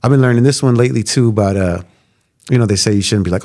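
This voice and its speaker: A man's voice: mid-range voice, racing. A man in his thirties from Chicago, a radio host chatting casually as a podcast guest, acting out quotes as he tells stories. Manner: animated storyteller, acts out quotes. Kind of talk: casual chat.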